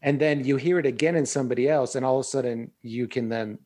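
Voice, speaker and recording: A man's voice: mid-range voice, fast, a little mellow. A man co-hosting a casual chat, explaining his thoughts as he goes.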